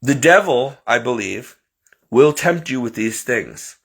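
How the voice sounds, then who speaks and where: A man from Connecticut telling a rambling, animated personal story, acting out what others said. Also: medium pitch, slow, vocal fry, breathy edge. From Connecticut, USA. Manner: rambling, animated, acts out quotes. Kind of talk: personal anecdote monologue.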